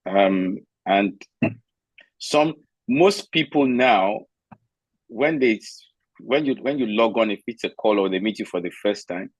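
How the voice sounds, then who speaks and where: A man's voice: on the low side, no echo, poor audio. A man from Nigeria on a video call, telling stories from his own life and giving firm, candid advice. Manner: emphatic, candid storyteller, gives firm advice.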